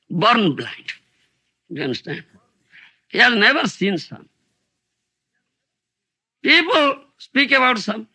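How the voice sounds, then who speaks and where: Older guy lecturing slow, bright gravelly voice kinda husky, old tape, drifts off mic sometimes. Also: a little high. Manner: rhetorical, asks "isn't it?" and "huh?" often; acts out dialogues with raised voice. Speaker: spiritual teacher giving a lecture. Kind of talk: sermon.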